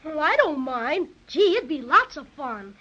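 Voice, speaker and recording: A woman voicing an eager young boy in a 1930s radio drama, excited and exclaiming. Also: high voice, measured pace, heavily acted. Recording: dull lo-fi old radio recording.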